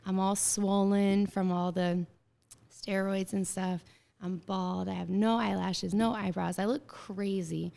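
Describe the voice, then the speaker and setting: A woman around thirty, a guest in an interview, telling her story in a lively way and acting out bits of dialogue, with many filler words. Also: mid-range voice, a little slow, creaky. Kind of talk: casual interview conversation.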